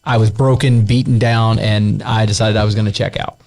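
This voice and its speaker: A man's voice: fairly low pitch, steady tone, normal speed, vocal fry, darkish tone. A man co-hosting a podcast, telling a heartfelt personal testimony in a casual, earnest way. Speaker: podcast co-host.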